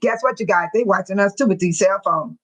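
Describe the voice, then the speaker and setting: A woman's voice: medium pitch, fairly quick. An older woman hosting a casual livestream, reading chat comments aloud and laughing often. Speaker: livestream host.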